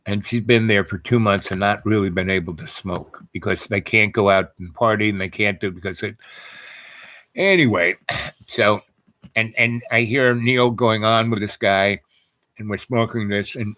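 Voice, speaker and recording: A man's voice: lowish voice, fairly even intonation, moderate pace, a bit bright, no echo. A man telling a casual personal story in a rambling, digressive way, full of fillers and restarts.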